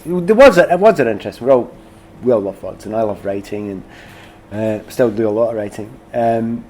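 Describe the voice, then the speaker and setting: A middle-aged man with a Glasgow Scottish accent, a former footballer being interviewed, telling stories in a lively, self-deprecating way. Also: lowish voice, normal speed. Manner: animated, self-deprecating storyteller. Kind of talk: casual conversation.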